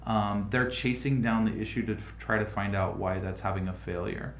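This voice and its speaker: A man's voice: on the low side, fairly even intonation, normal speed, slight background noise. Man rambling through a roomy livestream. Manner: rambling, thinking aloud with frequent restarts. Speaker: livestream host. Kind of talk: casual livestream chat.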